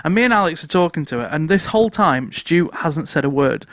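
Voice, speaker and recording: A man's voice: a little high, animated, a little fast, fairly bright tone, no room sound. A man co-hosting a casual podcast, telling stories and laughing often as he talks. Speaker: podcast co-host. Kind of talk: casual chat, storytelling.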